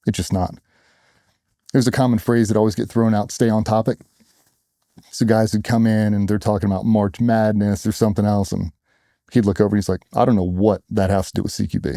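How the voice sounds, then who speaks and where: A man's voice: fairly low pitch, level tone, a little fast, dark tone, no room sound, clean studio sound. A middle-aged man, a former special operations operator, telling war stories bluntly in a casual interview, sometimes swearing and acting out what others said. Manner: blunt, profane, acts out quotes of others.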